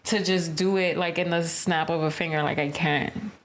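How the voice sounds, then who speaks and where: A young woman chatting casually, asking quick, teasing questions. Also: fairly low pitch, fairly even intonation. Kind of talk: casual chat.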